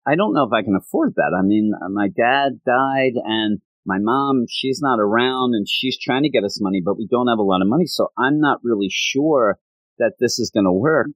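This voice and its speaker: A man's voice: medium pitch, expressive, normal speed, no room sound, lo-fi sound, lightly acted. A man voicing a timid, poor young schoolgirl who talks in a hesitant, flustered way. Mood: worried.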